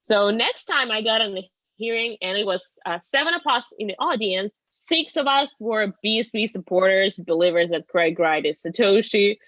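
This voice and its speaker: A woman's voice: mid-range voice, moderate pace, fairly bright tone, dry recording, dull audio. A woman with a Russian accent, a native Russian speaker, telling a story in a chatty way with laughs. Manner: chatty, laughing, frequent fillers. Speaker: guest reporter. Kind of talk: casual interview storytelling.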